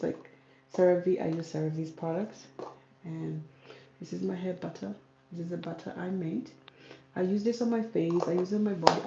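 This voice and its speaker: Soft-spoken woman from South Sudan hosting a casual livestream Q&A; low, gravelly voice in an echoey room. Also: highs cut off, slight background noise. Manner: calm, soft-spoken, reads out viewer comments. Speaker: YouTuber. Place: home room with ring light. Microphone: camera on ring light.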